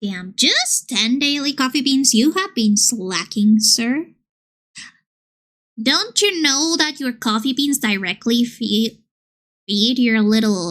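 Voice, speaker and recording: A woman's voice: fairly high pitch, expressive, slow, a bit bright. Playful woman chatting on a stream. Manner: playful, chatty, reads chat aloud. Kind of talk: casual live-stream chat.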